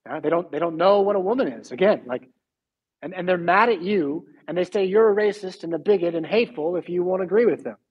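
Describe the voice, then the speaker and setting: A man's voice: high voice, quick pace, breathy edge, muffled recording. A man preaching a sermon as pastor, emphatic and full of rhetorical questions.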